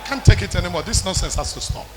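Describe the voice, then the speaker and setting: High-pitched preacher in a reverberant hall. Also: male voice, animated, quick pace, over loud music. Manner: impassioned, repetitive, call-and-response preaching that builds to shouting. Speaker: pastor. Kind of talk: sermon.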